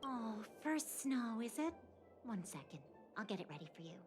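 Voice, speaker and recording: An actress voicing a cheerful young flower seller in a video game, greeting customers in a friendly way. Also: female voice, a little high, very animated, moderate pace. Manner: bright, friendly shopkeeper talk. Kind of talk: game voice acting. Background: game music.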